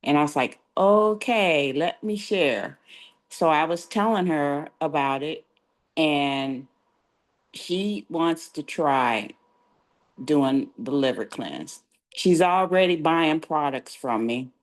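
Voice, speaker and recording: Older woman, low unhurried voice, chatty storyteller who laughs easily, video-call mic. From California. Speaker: caller sharing a testimonial. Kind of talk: casual storytelling.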